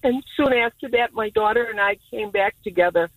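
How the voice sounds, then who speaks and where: A woman's voice: on the high side, brisk, a little hiss or hum, poor audio. A woman calling into a radio show from her car while driving, emotional and near tears, stumbling over her words. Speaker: caller.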